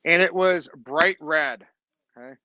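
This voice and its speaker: Middle-aged man, chatty lecturer, slightly high voice, checks in with "okay?", dry classroom capture. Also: unhurried, sharp tone, no room sound, muffled recording. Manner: chatty storytelling, frequent "okay?" check-ins. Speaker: university lecturer.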